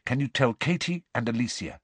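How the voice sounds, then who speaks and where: A man voicing a quiet, determined teenage boy wizard in an audiobook reading, low and terse. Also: lively intonation, a little fast, no echo, close to an everyday voice.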